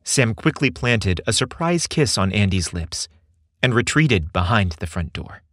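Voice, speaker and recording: A man narrating a scripted story with expressive delivery. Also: lowish voice, measured pace, no room sound, studio quality.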